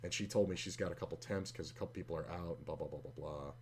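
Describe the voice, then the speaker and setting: A man's voice: low voice, very fast. A man streaming online poker from home, talking through his hands and chatting casually with muttered, frustrated asides. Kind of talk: casual poker commentary and chat. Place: home room at a computer. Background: faint hum and keyboard clicks.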